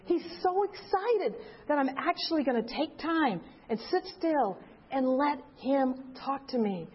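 An older woman preaches in a high voice, telling her story with animated, acted-out quotes. The recording sounds a little dull and lo-fi. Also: a little slow. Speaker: speaker. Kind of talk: sermon storytelling.

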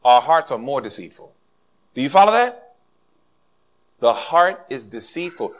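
A man's voice: medium pitch, moderate pace, long pauses. A middle-aged man preaching a sermon as a pastor, talking to the congregation and acting out the voices of people he quotes. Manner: animated, acts out quoted voices.

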